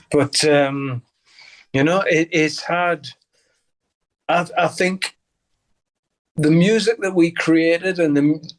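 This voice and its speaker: An older man from Newcastle with a Geordie accent, a guest musician telling stories in a casual interview. He swears freely, laughs often and acts out the voices of people in his stories. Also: fairly high pitch. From Newcastle, England.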